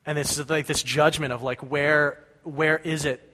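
A man delivers a relaxed, conversational sermon, his voice sitting a little high. He keeps checking in with his congregation as he goes. The sound rings out with a long reverb, as in a large church hall. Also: normal speed. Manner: casual, keeps checking in with "right?". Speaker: pastor.

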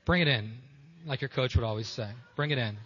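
A man voicing God as a frantic, easily flustered figure who gushes and then panics and shouts. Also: medium pitch, fairly quick, a little hiss or hum, natural voice. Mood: panicked. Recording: dull recording in a reverberant hall.

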